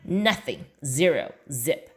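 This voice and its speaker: A woman voicing a calm, gently teasing mother in a children's book read aloud. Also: low voice, slow, exaggerated voice.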